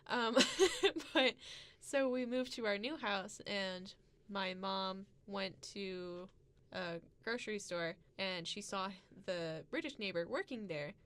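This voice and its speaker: A woman's voice: mid-range voice, takes it slowly, a bit bright. Giggly woman co-host telling a story. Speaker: podcast co-host. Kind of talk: casual chat.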